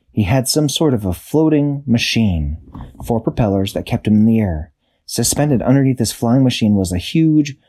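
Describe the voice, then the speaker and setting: A man improvising a children's bedtime story, unhurried, searching for words and correcting himself. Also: on the low side, mellow, slightly rough.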